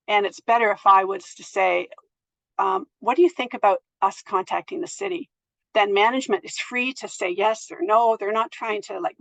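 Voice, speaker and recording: A middle-aged woman giving a presentation on board governance in a thoughtful, gentle way, with many fillers and restarts. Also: medium pitch, creaky, dry recording, poor audio. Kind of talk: presentation to an audience.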